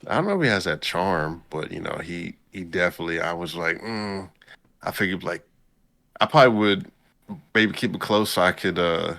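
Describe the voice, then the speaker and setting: A man with a deep, gravelly voice and a bright, forceful edge recaps the plot in loose, casual chat. He keeps breaking into quick impressions of the characters. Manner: animated storytelling, acts out characters' lines in a higher voice. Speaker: podcast co-host recapping an anime.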